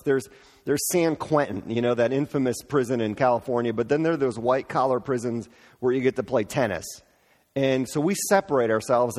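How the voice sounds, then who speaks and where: A man gives a relaxed, conversational sermon at a middle pitch. He talks informally and acts out quotes with playful energy. His voice rings out with a long, echoing reverb. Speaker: pastor.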